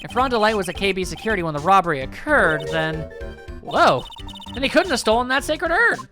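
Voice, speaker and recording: A woman voicing a flustered young male lawyer in a fan voice-over of a game, with wry, deadpan asides. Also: mid-range voice, a little fast, music in the background, lightly acted.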